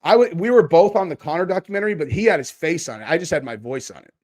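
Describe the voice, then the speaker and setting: A man hosts a livestream with a slightly high-pitched voice. He talks in a loose, rambling way, swears constantly and gets excitable. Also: quick pace. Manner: profane, rambling and excitable, with many restarts. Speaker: livestream host. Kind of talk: casual livestream chat.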